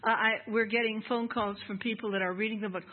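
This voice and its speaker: A woman's voice: medium pitch, steady tone, quick pace. An older woman preaching a sermon to a congregation in an emphatic, impassioned way. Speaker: guest speaker at a congregation. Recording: lo-fi, phone-like sound.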